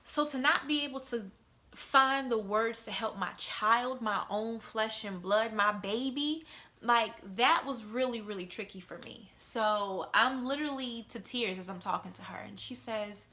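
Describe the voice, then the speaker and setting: A woman's voice: fairly high pitch, unhurried, pushed and bright, slight background noise. A middle-aged woman telling an emotional personal story in a conversational vlog, often checking in with "you know" and "right?".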